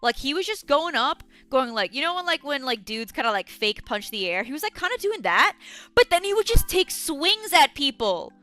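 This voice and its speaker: Animated, foul-mouthed young woman streamer. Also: high-pitched, moderate pace, faint music behind. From New York City. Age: young adult. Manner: swears constantly, rants with outrage. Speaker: streamer reading chat. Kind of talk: casual livestream chat.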